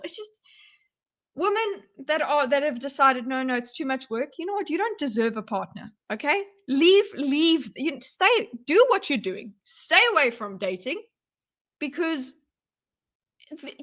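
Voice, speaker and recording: A woman streamer reacting live to a video, rambling and excitable, breaking into loud yelps to her chat. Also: sits high. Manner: excitable, rambling, bursts into yelling.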